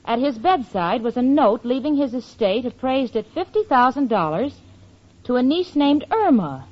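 An actress playing a sensible young working woman in a 1940s radio comedy, brisk and patient. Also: high-pitched, big pitch swings. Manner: brisk, patient, slightly stammering. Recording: lo-fi old radio recording.

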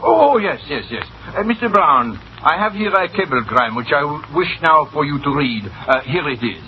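Scheming cafe boss, blustery old-radio acting, voice swoops high and low, muffled hissy recording. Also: male voice, very animated, moderate pace. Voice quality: theatrical, blustering, bursts into insults. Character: scheming, excitable male cafe manager. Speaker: cafe manager. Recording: dull lo-fi old radio recording with faint hiss.

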